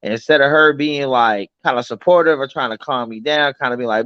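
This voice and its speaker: A man's voice: a little high, lively intonation, quick pace, few pauses, a bit bright, no room sound, lo-fi sound. A man hosting a late-night livestream chat, blunt and profane, acting out both sides of his arguments. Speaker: livestream host.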